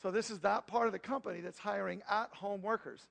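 A middle-aged man preaching, telling a story in a lively, conversational way with asides to his congregation. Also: sits high, fairly quick, vocal fry. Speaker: pastor. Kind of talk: storytelling sermon.

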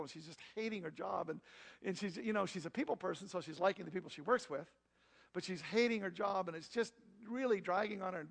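High, gravelly-voiced male pastor. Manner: animated, conversational storytelling with asides to the congregation. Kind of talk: storytelling sermon.

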